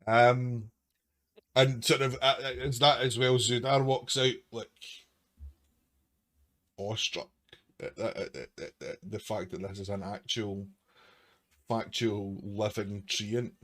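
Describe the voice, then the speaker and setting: A man's voice: fairly low pitch, level tone, takes it slowly, pauses often, fairly bright tone. A man narrating a tabletop game as game master, with a hesitant, filler-laden way of talking. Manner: hesitant, many repeated fillers.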